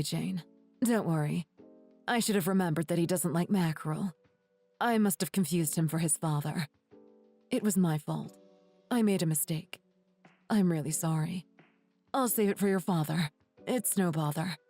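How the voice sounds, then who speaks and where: A woman voicing a meek elderly mother in an animated story, apologizing and pleading softly. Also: fairly low pitch. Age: older.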